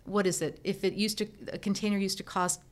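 A woman's voice: medium pitch, fast. A middle-aged woman, a guest on an interview show, telling her business story casually and acting out the conversations she remembers. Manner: lively storyteller who acts out remembered dialogue. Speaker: guest, professional organizer turned entrepreneur.

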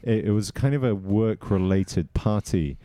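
A man's voice: fairly low pitch, unhurried, no echo. A man who co-hosts a comedy podcast, telling casual stories with plenty of swearing. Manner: swearing storyteller, animated when quoting people. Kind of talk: casual chat.

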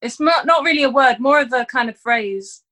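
A woman's voice: high voice, lively intonation, normal speed, bright, forceful tone. A woman chatting casually, hesitant with many ums and giggly. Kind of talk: casual chat.

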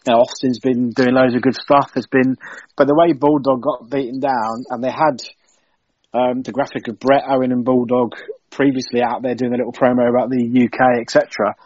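A man's voice: medium pitch, little pitch movement, brisk, a little mellow, slightly rough, no echo, highs cut off. Stammering man on a podcast. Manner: stammers on restarts, exasperated. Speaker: podcast co-host. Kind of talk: casual wrestling review chat.

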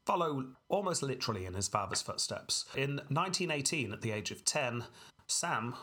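A man's voice: mid-range voice, animated, normal speed, sharp tone, breathy edge. A man co-hosting a podcast, casually narrating history with a dry, wry humor and frequent laughs. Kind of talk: casual storytelling chat.

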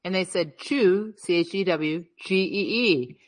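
A woman's voice: fairly low pitch, measured pace. A woman co-hosting a podcast in casual chat, musing aloud and questioning herself as she goes. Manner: musing, wandering, self-questioning. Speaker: podcast co-host.

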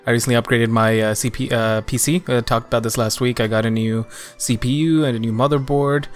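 A man's voice: mid-range voice, fairly even intonation, fairly quick. A man hosting a casual podcast, talking loosely and hesitantly with many fillers and restarts. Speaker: podcast host.

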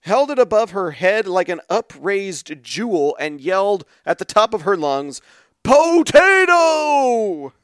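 A man co-hosting a podcast in a casual chat, reading out tweets and acting out the quoted kids loudly, laughing often. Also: sits high, animated, normal speed, few pauses, no room sound, clean studio sound. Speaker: podcast co-host.

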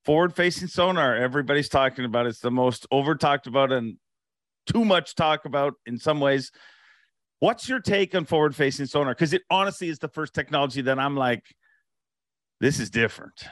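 A man's voice: medium pitch, lively intonation, a little fast, fairly bright tone, no echo. Male host, easygoing chat, close dry mic. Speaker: podcast host. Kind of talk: casual interview.

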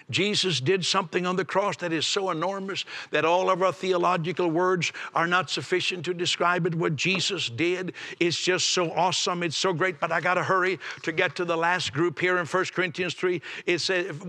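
A man's voice: high voice, pushed and bright. A man preaching a sermon emphatically, with frequent stammered restarts and dramatic drops to a near whisper.

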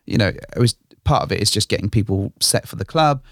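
A podcast co-host with a fairly low, creaky voice tells a story in a loose, rambling way, often hedging with "sort of." He sounds animated and speaks a little fast, and the studio recording is clean with no echo.

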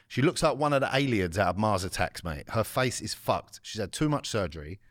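A man's voice: on the low side, very animated, fairly quick, fairly bright tone, no echo. A man, bantering bluntly and swearing freely as a podcast co-host. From London. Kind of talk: casual banter.

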